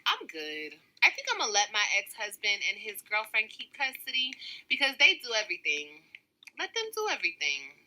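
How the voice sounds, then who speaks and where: A woman's voice: on the high side, sharp tone, rough recording. A woman ranting on a livestream in a taunting, sarcastic way, full of profanity. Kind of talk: mocking livestream rant.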